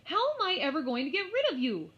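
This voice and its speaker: A woman's voice: mid-range voice, big pitch swings, a little slow, fairly bright tone. A woman voicing an exasperated young schoolgirl who daydreams and keeps losing her temper. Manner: whiny, frustrated outbursts. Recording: slightly muffled lo-fi.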